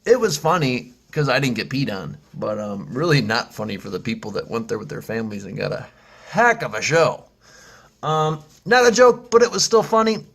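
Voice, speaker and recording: A man with a mid-range, creaky, fairly bright voice hosts a casual vlog, speaking at a normal speed and very animated. He rambles upbeat through a funny story, full of fillers and restarts, and acts out screeching monkey sounds along the way.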